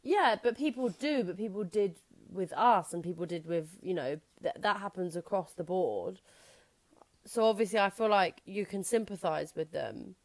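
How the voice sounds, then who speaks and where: A woman's voice: medium pitch, expressive, normal speed, no room sound. A woman co-hosting a podcast, talking frankly and chattily in a casual conversation. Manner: frank and outspoken, chatty with many "like"s. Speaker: podcast co-host. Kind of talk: casual chat.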